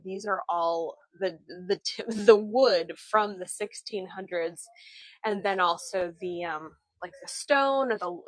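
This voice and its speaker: A woman in her thirties from the American Pacific Northwest and Midwest narrates a live-streamed walking tour on a phone, out on old-town streets. Her medium-pitched voice is chatty, enthusiastic and full of fillers, recorded with no room sound at low quality.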